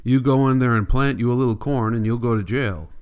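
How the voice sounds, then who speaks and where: A man's voice: mid-range voice, a little fast, a little mellow, clean tone, close to an everyday voice. A man reading the part of a weary, bitter migrant farmer father in blunt rural folk speech, for an audiobook.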